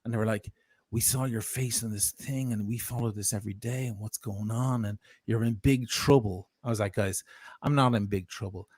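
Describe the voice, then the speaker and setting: A man's voice: fairly low pitch, steady tone, moderate pace, a little mellow, no room sound, studio quality. A man telling a heated, profane story of grievance as a guest on a livestream. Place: lives in Italy.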